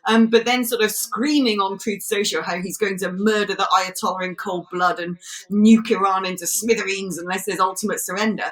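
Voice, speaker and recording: A woman from Britain co-hosting a political chat show, sarcastic and mocking, with quick comic asides. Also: fairly high pitch. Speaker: co-host.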